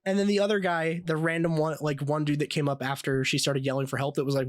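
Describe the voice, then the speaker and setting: A young man co-hosting a podcast, telling stories in a casual, animated way with plenty of swearing and laughter. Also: a little high, fast, hardly any pauses, no room sound. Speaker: podcast co-host.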